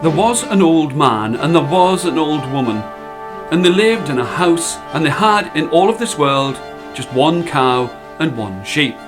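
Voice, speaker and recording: A man telling an old folk tale, with a voice a little higher than most men's. He likes playful, rhythmic repetition and slows right down for effect. Faint music plays underneath. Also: lively intonation. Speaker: storyteller. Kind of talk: told folk tale for children.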